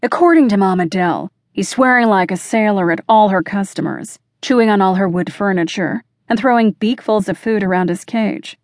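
A playful, nosy young man voiced by a woman reading an audiobook teases his friend in a light, chatty tone. The voice sits in an ordinary middle pitch, and the dry, close recording has no room sound. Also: normal speed, few pauses, no echo, natural voice. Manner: teasing, chatty. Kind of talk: audiobook character dialogue.

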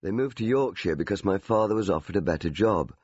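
An older Englishman reads his memoir aloud in a wry, storytelling manner. His voice is low and slightly husky. The studio sound is dry and a little dull. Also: lively intonation, fast, a little mellow, no room sound. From England. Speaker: memoir narrator. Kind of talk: audiobook memoir reading.

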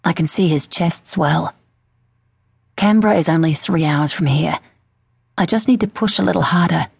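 A woman reading a first-person thriller audiobook in a measured, cool manner. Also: fairly low pitch, gravelly, husky, no echo. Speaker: audiobook narrator. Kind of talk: scripted first-person narration.

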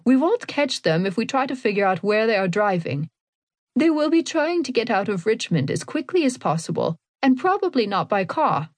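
Woman doing old German-accented woman, calm, even, commanding, measured, dry close sound. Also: a little high, dry recording.

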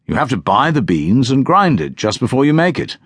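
A man voicing a lean old retired country solicitor who talks quietly and with firm assurance. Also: medium pitch, big pitch swings, fairly quick, husky, dry recording, pitched above the performer's own voice. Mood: dogmatic.

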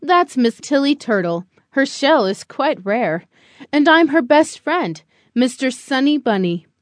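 A woman's voice: high voice, very animated, measured pace, no room sound, clean studio sound. A woman voicing a small male bunny, chatty and a bit nervous, in a children's storybook.

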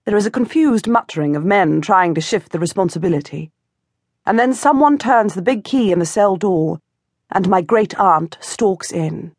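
A woman narrating a historical novel in first person, measured and expressive, close to the mic. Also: medium pitch, dry recording. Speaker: audiobook narrator. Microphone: close studio mic.

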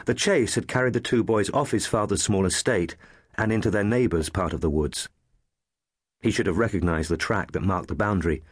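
A man with a very deep, slightly husky voice reads a historical novel in a steady, measured storytelling manner. The recording is dry and close, with no room sound. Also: no echo. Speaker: audiobook narrator. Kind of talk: scripted narration.

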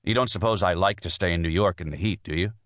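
A man's voice: deep voice, fast talker, a bit bright, dry recording, studio quality. A man narrating an audiobook voices a busy young lawyer husband, brusque and a little dismissive. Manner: brusque, dismissive, then soothing. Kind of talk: audiobook dialogue.

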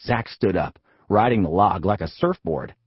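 A man reads a comic children's audiobook with a slightly husky voice. His pitch is animated and playful as he tells the story. The recording is dry and a bit dull. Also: normal speed, dry recording. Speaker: audiobook narrator. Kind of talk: comic kids' audiobook narration.

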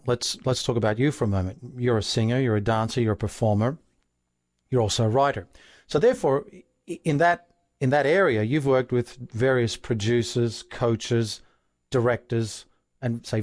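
A man's voice: mid-range voice, normal speed, dry recording. Earnest Australian man, dry studio sound. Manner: earnest, asks rhetorical questions. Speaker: self-help author and relationship coach. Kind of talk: explanatory self-help talk.

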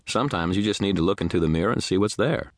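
A man voicing a steady, earnest knight who presses his friend with calm, moralizing questions. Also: deep voice, fast, no echo, clean studio sound, pitched above the performer's own voice, natural voice. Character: earnest, steady male knight, gently lecturing.

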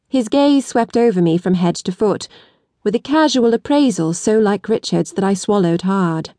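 A woman narrating an audiobook with a measured, deliberate reading. Her voice sits at a middle pitch. The recording is dry and close, with no room sound. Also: mellow, no room sound. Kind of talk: scripted narration.

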